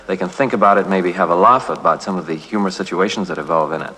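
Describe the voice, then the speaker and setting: An actor in a 1960s radio interview, answering in a rambling, hesitant and playful way. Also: male voice, low-pitched, fast, pushed and bright, slightly rough. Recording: 1960s radio, long reverb.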